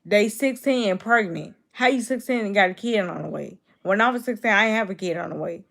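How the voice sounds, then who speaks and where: A woman's voice: medium pitch, fairly quick, gravelly, a bit bright. Blunt twenty-year-old woman streamer. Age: 20s. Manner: blunt, repetitive, talks straight back to commenters. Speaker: YouTube streamer. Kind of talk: casual live-stream chat with viewers.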